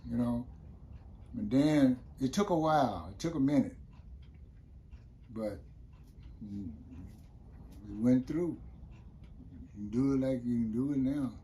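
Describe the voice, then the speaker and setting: A man's voice: mid-range voice, slow, pauses often, warm tone, slight background noise. Older guy telling prison stories, loose and rambling, keeps saying you know what i mean. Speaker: interview guest, former prisoner. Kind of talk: casual storytelling interview.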